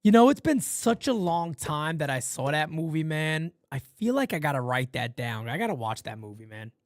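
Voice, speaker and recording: A man calling a baseball game live for fans from his home studio, shouting on big plays and muttering low asides between pitches. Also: big pitch swings, moderate pace, dry recording. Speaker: play-by-play streamer. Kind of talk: live fan play-by-play commentary.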